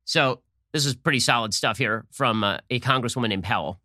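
A man hosting a political commentary show, talking fast with sarcasm and mocking impressions of the people he discusses. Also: medium pitch, pushed and bright, no echo, studio quality. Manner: sarcastic, rapid-fire, mock voices for others. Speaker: host.

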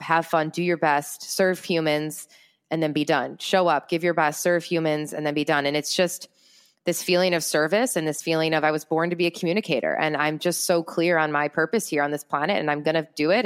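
A woman's voice: low voice, clean tone. A woman in her late twenties, an entrepreneur and speaker, talking candidly and expressively as a podcast guest, often laughing. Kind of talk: casual podcast conversation.

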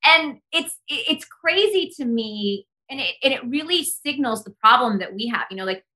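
A woman's voice: a little high, animated, normal speed, bright, forceful tone. A young woman from the United States, a podcast guest speaking earnestly and passionately in casual conversation, often saying "like". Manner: impassioned, earnest, heavy use of "like".

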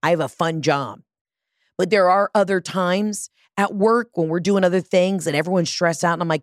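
Lady podcast host, rants loud and foul-mouthed, voice swoops all over, dry close mic. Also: lowish voice, big pitch swings, fairly quick, dry recording. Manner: brash, profane, rambling and self-deprecating. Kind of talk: casual comedic monologue. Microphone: studio mic with large headphones.

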